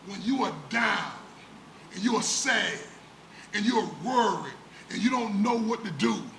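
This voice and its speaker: A man's voice: sits high, animated, a little slow, vocal fry, fairly bright tone. A man preaching a sermon as pastor, dramatic, with rhetorical questions and lots of repetition. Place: church sanctuary. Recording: echoey church room with background noise.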